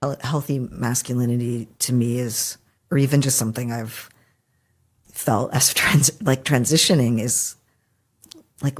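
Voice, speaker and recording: A man's voice: mid-range voice, creaky, slightly rough. Reflective man in a loose interview chat. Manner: reflective, loose, many fillers like "like". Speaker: interview guest.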